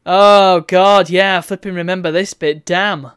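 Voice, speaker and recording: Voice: mid-range voice, steady tone, unhurried, fairly bright tone, clear, resonant tone, no echo, studio quality. A game streamer giving chatty, wry let's-play commentary and reading on-screen text aloud.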